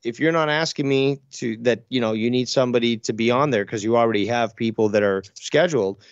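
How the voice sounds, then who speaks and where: A man's voice: medium pitch, fairly quick, no echo, lo-fi sound. A man co-hosting a live comedy show, talking in long rambling stretches full of swearing, fillers and restarts. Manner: rambling, profane, hesitant restarts. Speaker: co-host. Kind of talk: casual call-in show banter.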